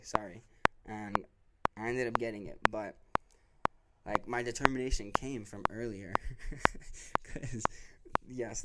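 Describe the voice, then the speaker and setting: A young man telling a rambling, profane story in casual monologue, full of fillers and restarts. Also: fairly low pitch. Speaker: podcast host. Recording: loud background noise.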